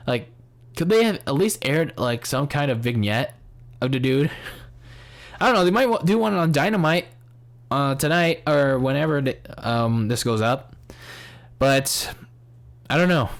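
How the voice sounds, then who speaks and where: A man hosting a casual podcast review, rambling with many restarts, swearing and laughing at his own jokes. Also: mid-range voice. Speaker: podcast host. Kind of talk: casual wrestling review chat.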